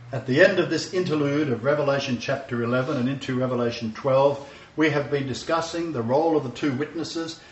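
A man's voice: mid-range voice, a little hiss or hum. Emphatic preacher man, roomy and distant. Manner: emphatic, repeats key phrases. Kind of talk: sermon lecture. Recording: distant, roomy, dull sound.

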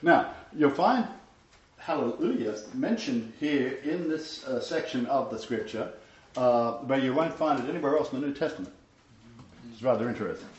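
A man's voice: medium pitch, animated, moderate pace, a little mellow, slight background noise. A man, teaching a casual sermon as pastor. He is chatty and emphatic, laughs often and uses many fillers. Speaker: pastor leading a Bible study. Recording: roomy, slightly dull lo-fi recording.

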